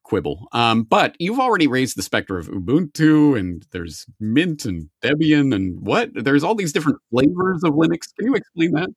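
A man's voice: fairly high pitch, sing-song, normal speed, few pauses, breathy edge, dry recording, clean studio sound. A man interviewing a guest, asking questions in a casual, inquisitive way.

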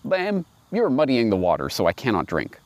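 A man's voice: medium pitch, huge pitch swings, moderate pace, darkish tone, no room sound, lo-fi sound. A man voicing a hungry, cross wolf in a spoken fable reading, sly and blustering. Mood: scheming.

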